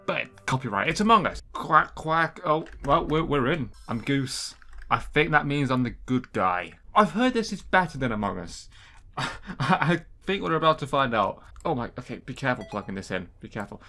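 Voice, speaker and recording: A man giving jokey, excitable commentary while playing an online game, swinging from loud squeals to low mutters. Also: moderate pace, soft background music. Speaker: gaming YouTuber. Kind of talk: comedic gameplay commentary.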